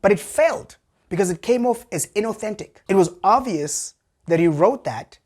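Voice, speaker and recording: A young man hosting a satirical comedy show, delivering a wry, animated monologue. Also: high voice, normal speed. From South Africa. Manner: wry, animated, jumps into voices.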